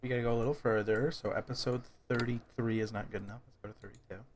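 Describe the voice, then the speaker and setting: A man's voice: medium pitch, steady tone, fast, slight background noise. A man co-hosting a game playthrough, casual chat with a teasing manner. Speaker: co-host.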